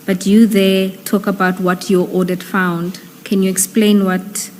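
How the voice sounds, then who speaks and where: A woman leading evidence at a formal inquiry, steady and careful with hesitant fillers before each question. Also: mid-range voice, unhurried. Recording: long hall reverb, faint room noise.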